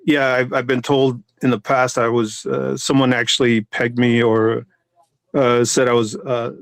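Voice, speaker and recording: A comic artist talking in a casual podcast chat, rambling with many restarts and fillers. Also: male voice, mid-range voice, flat delivery, measured pace, vocal fry, no echo.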